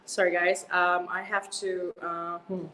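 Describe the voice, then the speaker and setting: A woman's voice: on the low side, level tone, a little slow, reverberant, big-room sound, over loud music. A woman singer, chatting casually as a guest, bubbly, laughing often and restarting her phrases. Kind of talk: casual video-call chat.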